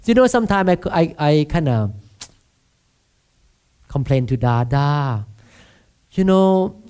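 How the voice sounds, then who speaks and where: A pastor with a Thai accent delivers a sermon in a notably high-pitched voice. He speaks with easy, self-deprecating humor and keeps asking the listeners to answer him. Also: big pitch swings, measured pace, a little mellow, clear, resonant tone. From Thailand. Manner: asks the congregation for responses, self-deprecating humor.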